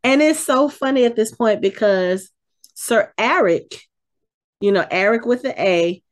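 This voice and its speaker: A woman's voice: fairly high pitch, unhurried. Chatty woman recapping a TV episode. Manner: animated, exasperated storytelling with frequent restarts. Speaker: podcast co-host. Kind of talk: casual TV recap chat.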